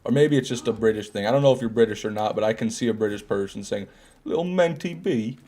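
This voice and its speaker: A man with a fairly low, dark voice talks in a level tone at a rapid-fire clip. He's streaming a game and giving casual live commentary, reading his viewers' chat messages and firing back joking, sarcastic banter.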